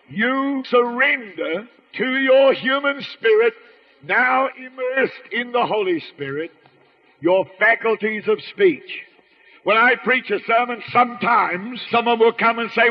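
A man preaching a sermon with an emphatic, repetitive cadence. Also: extremely high pitch. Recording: muffled sermon recording in a reverberant hall.

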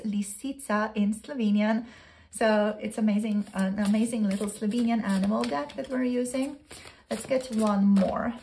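A woman's voice: medium pitch, a little mellow, slight background noise. A woman giving a pick-a-card tarot reading to her viewers, chatty and flowing, with many "um"s and "you know"s. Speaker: tarot reader.

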